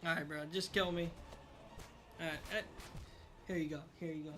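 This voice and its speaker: A man's voice: on the high side, fairly even intonation, normal speed, fairly bright tone, a little hiss or hum. A young man streaming a game, casually commenting to his chat, frustrated, swearing and mocking himself. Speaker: gaming streamer.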